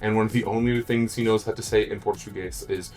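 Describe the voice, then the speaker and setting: A man's voice: fairly low pitch, steady tone, fast, a little mellow, faint music behind. A man being interviewed at a convention, chatting playfully and laughing often. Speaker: interview guest, musician. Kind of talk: casual chat. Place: at a fur convention.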